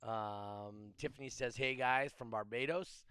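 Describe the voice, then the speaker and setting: A man hosts a live chat show and greets viewers one by one, filling gaps with ums. His voice is smooth and resonant at a middle pitch. The sound is dry and close. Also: a little slow, no echo. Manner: relaxed, reads viewer names with fillers. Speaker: host. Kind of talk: casual live-stream chat.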